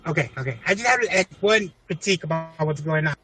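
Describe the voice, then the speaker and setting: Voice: mid-range voice, expressive, fast talker, over music. A caller joining by voice chat, stumbling over words as he gives feedback. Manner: hesitant, stumbling, calling in live.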